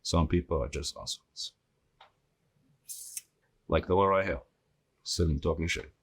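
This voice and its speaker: A man with a very deep, husky voice hosting a solo podcast. He talks bluntly and casually, mixing crude jokes and swearing into his advice. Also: steady tone, a little slow, fairly bright tone. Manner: blunt, profane, joking. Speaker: podcast host.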